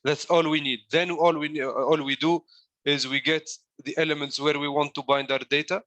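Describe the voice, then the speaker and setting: A man's voice: a little high, steady tone, moderate pace, fairly bright tone, no room sound, highs cut off. A man coaching a class through code in a live walkthrough, explaining each step while demonstrating it. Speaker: coding coach.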